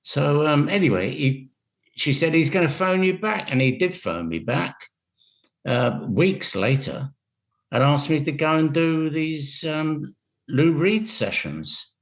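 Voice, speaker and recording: A man's voice: a little high, very animated, takes it slowly. Dry-witted older man telling stories. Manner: dry, wry storyteller. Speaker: guest musician. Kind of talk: casual radio interview. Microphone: video call.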